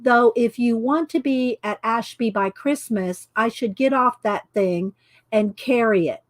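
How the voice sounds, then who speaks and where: A man's voice: very high-pitched, unhurried, a bit bright, dry recording. A woman reading the lines of a curt young male knight in a plain reading voice, with no accent attempted.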